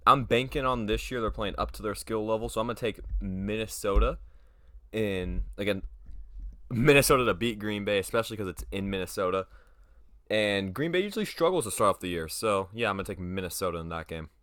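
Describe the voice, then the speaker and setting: Low-voiced young man rambling through picks. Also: brisk, fairly bright tone, no room sound, clean studio sound. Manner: offhand and rambling, trails off and corrects himself mid-thought. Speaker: sports video host. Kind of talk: casual solo prediction video.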